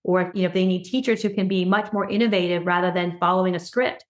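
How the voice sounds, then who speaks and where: A woman speaking as a podcast guest, an education consultant talking earnestly and growing excited as she goes. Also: on the low side, fast. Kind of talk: casual podcast conversation. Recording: roomy echo.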